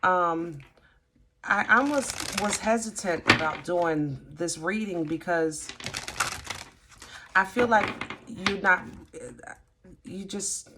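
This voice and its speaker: A woman giving a casual tarot reading, halting and gently reassuring, often restarting her sentences. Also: on the low side, noisy background. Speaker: tarot reader.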